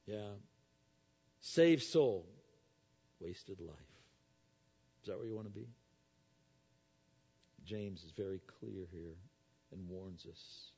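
A male pastor preaching a sermon, swinging between soft low lines and loud raised appeals. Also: steady tone, takes it slowly, creaky, long pauses, husky, dull audio.

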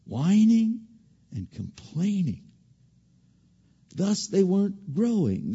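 A man preaching a sermon, animated, swinging from loud emphasis to hushed asides and often repeating words as he restarts. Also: high-pitched, gravelly, breathy edge, big-room sound, highs cut off.

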